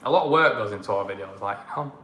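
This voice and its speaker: A man's voice: fairly low pitch, expressive, racing, bright, forceful tone, roomy sound. A man with a northern English accent co-hosting a casual livestream chat, blunt and fond of a good moan. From northern England. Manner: blunt, ranting, fond of moaning. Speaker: co-host of a travel channel.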